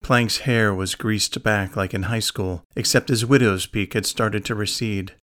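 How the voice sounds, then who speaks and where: Low-voiced male audiobook narrator. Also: fairly even intonation, unhurried, a bit bright, dry recording, clean studio sound. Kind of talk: scripted narration.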